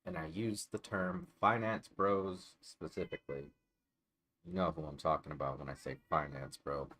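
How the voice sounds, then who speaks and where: A man's voice: extremely low pitch, steady tone, normal speed, a bit bright. A man chatting casually in a vlog at home, digressive and profane, with self-deprecating asides. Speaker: vlogger. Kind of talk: casual rambling vlog chat.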